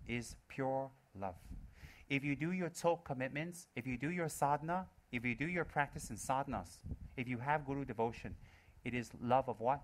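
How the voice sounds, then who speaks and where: A man's voice: medium pitch, fairly bright tone. Man teaching with a playful, teasing tone. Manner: playful, teasing listeners between points; rhetorical questions and repeated phrases. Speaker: Buddhist teacher. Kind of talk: live Dharma talk to an audience.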